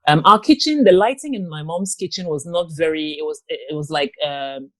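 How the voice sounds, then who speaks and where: A grown woman giving an interview guest's personal account, talking in a halting way with many pauses and restarts. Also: sits low, a bit bright, no room sound. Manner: halting, with frequent ums and restarts. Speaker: guest, abuse survivor and author.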